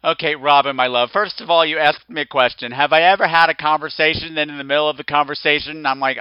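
A man's voice: on the high side, fairly even intonation, quick pace, hardly any pauses, clear, resonant tone, no echo, lo-fi sound. A man hosting a podcast, talking in a campy, playful way with theatrical asides. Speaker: podcast host. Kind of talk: casual podcast chat.

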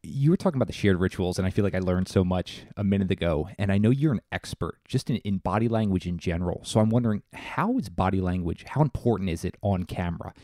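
A man's voice: low voice, animated, quick pace, hardly any pauses, mellow, dry recording, studio quality. A man hosting a podcast interview, asking questions with small restarts. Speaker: podcast host.

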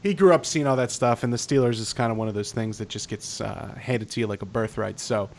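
A man hosts a casual podcast interview, enthusiastic and full of halting restarts. A faint low rumble sits behind his voice. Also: gravelly. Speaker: podcast host.

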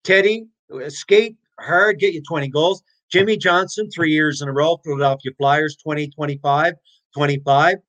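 A man in his sixties telling his stories as an interview guest, animated, blunt and profane. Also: fairly high pitch, moderate pace. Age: 60s. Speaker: interview guest, former hockey player. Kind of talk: casual storytelling.

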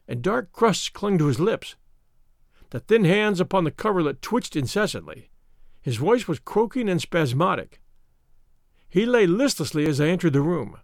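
A man narrating a story in an expressive, measured reading. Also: fairly high pitch, no room sound, clean studio sound. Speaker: audiobook narrator. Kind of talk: scripted narration.

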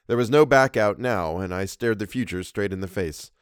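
Man narrating a horror tale for a podcast, measured and expressive, low voice, dry recording. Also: smooth, dry recording. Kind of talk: reading a horror story aloud.

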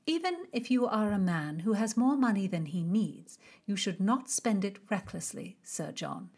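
A woman's voice: mid-range voice, expressive, moderate pace, darkish tone, breathy edge. A woman voicing a guarded young female innkeeper in an audiobook, speaking formally and coolly polite. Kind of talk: audiobook character reading.

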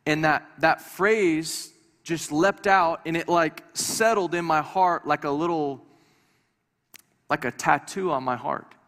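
Taking it slowly in a slightly high, fairly bright voice, a male pastor addresses his congregation in a church hall. His sermon is conversational and lightly humorous, with frequent restarts that repeat his words. The hall adds a long reverb.

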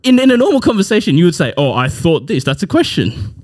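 Husky-voiced Australian man, insistent. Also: high voice, wildly swooping pitch, fast talker. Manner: defensive, insistent, argumentative. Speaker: podcast co-host. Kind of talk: casual banter while playing a word game.

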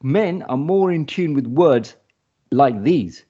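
A man's voice: a little high, expressive, takes it slowly, dark tone, slightly rough, dull audio. A man co-hosting a casual podcast chat, reading out a word list with playful mock pronunciations. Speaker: podcast co-host.

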